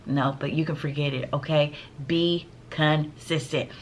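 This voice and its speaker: A woman's voice: deep voice, fairly even intonation, unhurried. A woman teacher giving casual, emphatic classroom advice, often calling her viewers "y'all.".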